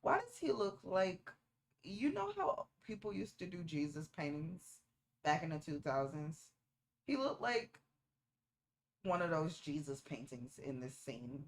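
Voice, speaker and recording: A woman with a somewhat low voice chats casually over a movie stream. She teases her viewers playfully and picks apart small details on screen, talking into a streaming mic. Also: big pitch swings, measured pace, a little hiss or hum. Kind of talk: casual movie-watching reaction commentary.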